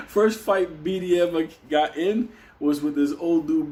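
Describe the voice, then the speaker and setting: A man's voice: on the high side, unhurried, darkish tone. A man telling a comic, profane story, laughing often and acting out the voices. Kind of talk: casual comedic storytelling.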